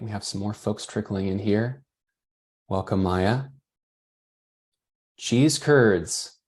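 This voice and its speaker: A man's voice: on the low side, darkish tone. A man hosting and moderating an online webinar, chatting casually and reading out attendee comments as he goes.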